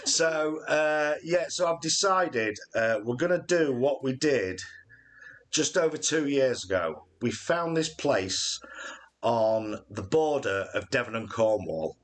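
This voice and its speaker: A man's voice: medium pitch, expressive, slow pace, a bit bright. Jokey rambling man in his forties. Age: 40s. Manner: jokey and rambling, with many fillers. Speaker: channel co-host. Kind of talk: live-stream Q&A chat.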